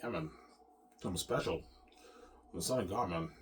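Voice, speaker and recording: Low-voiced man in a rambling, profane monologue. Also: normal speed, a little hiss or hum. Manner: profane, repetitive, ending lines with "man" and "yeah". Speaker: vlogger.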